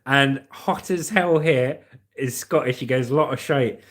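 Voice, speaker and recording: A man's voice: mid-range voice, measured pace. Jokey man with a southern English accent. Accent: southern English, Hampshire. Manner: jokey, laughs often, lively intonation. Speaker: livestream host. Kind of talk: casual livestream chat, reading comments.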